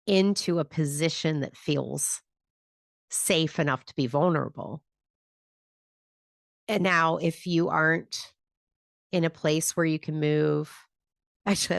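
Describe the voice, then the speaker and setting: A woman hosts a podcast in a low voice with a gravelly, fry-laden texture. She explains things in a calm, reflective way. The sound is dry and close to the mic. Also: dry recording. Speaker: podcast host and grief teacher. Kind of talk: conversational podcast teaching.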